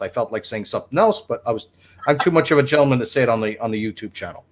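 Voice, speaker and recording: A medium-pitched man speaks quickly over a little hiss or hum, telling a lengthy, rambling story on a livestream. He used to be a radio producer, and he stays animated, laughing at his own story.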